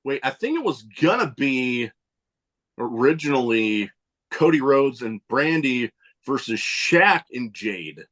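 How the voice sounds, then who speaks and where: Animated man, swearing, a bit winded. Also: mid-range voice. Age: adult with nieces and nephew. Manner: animated, swearing, quick asides. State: a little winded. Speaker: podcast co-host. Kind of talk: casual chat.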